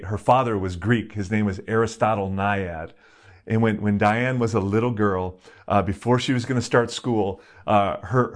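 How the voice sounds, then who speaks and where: A man preaching a sermon in a conversational, emphatic way, telling stories with sudden jumps in pitch. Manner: animated, emphatic storytelling with sudden rises in pitch; conversational, with fillers and restarts. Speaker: pastor.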